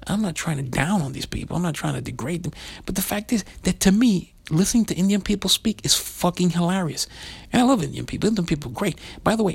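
A man with a slightly high, gravelly voice and a husky edge, recorded close and dry. He rambles through a profane comic rant and leans on "you know" at nearly every turn. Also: no room sound.

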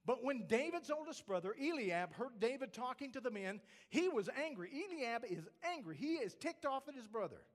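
A man's voice: very high-pitched, big pitch swings, moderate pace, hardly any pauses. A man preaching a sermon, emphatic, asking the congregation rhetorical questions. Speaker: pastor.

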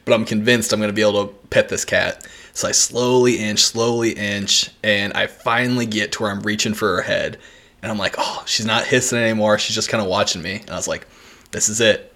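A man's voice: lowish voice, fairly even intonation, fast, sharp tone. A young man co-hosting a podcast, telling a story in casual chat, laughing often and swearing freely. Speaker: podcast co-host.

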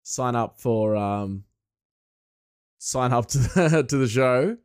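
A man's voice: medium pitch, animated, slow pace, darkish tone, smooth, no room sound, studio quality. A man hosting a solo podcast in a casual, rambling way, often restarting his sentences, with a stuffy nose. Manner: rambling, self-correcting. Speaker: podcast host.

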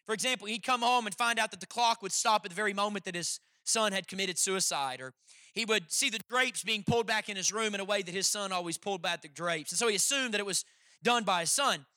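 Bright-voiced preacher man, high and dry. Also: quick pace, no room sound. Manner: emphatic, swings between loud stresses and quiet asides. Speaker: pastor. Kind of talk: sermon.

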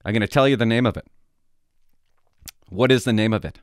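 A man's voice: on the low side, brisk, no room sound, clean studio sound. A middle-aged man vlogging, telling rambling stories in casual chat with many restarts.

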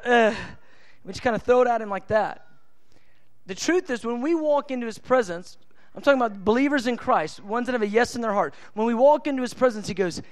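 High-voiced, impassioned male preacher. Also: lively intonation, normal speed. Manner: impassioned, emphatic, with colloquial asides. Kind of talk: sermon.

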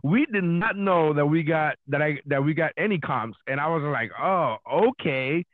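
A man's voice: fairly high pitch, moderate pace, dry recording, narrow, tinny audio. A man, a comedian, chatting casually on a podcast and telling stories animatedly, acting out his own reactions.

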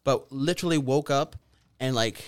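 A man's voice: medium pitch, moderate pace, smooth, no room sound, studio quality. A young man co-hosting a podcast in casual chat, laid-back and teasing, laughing often. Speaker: podcast co-host.

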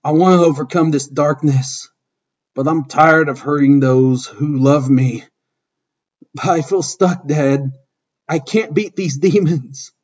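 A man voicing a remorseful young wrestler pleading with his father, in a husky voice on a dull lo-fi recording. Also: fairly high pitch, takes it slowly, a little mellow.

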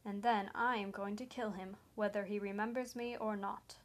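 Woman reading as a smug male hitman, mid-pitched, taunting and cold. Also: steady tone, moderate pace, lightly acted. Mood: menacing.

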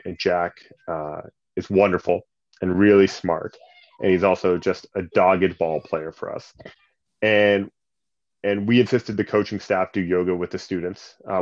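A man in his late thirties, a basketball coach telling animated stories full of fillers and acted-out quotes. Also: sits low. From Canada. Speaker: basketball coach and nonprofit leader. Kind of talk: conversational storytelling. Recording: slightly muffled sound.

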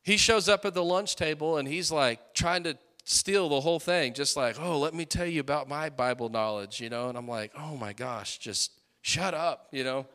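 Fiery high-voiced young preacher. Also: male voice, moderate pace. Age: late 20s. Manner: fiery, rising to loud peaks, then dropping to storytelling asides. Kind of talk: sermon.

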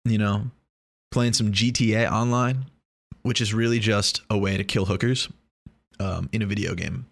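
A young man with a slightly low voice riffs through a loose, casual monologue. He rambles, restarts and jokes, dropping profanity without a second thought. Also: steady tone, normal speed, gravelly, no echo, studio quality.

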